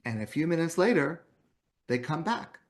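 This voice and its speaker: A man with a fairly high voice gives a morning talk as a rabbi. He speaks in a relaxed, conversational way, telling a story and acting out the voices in it. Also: moderate pace. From Canada.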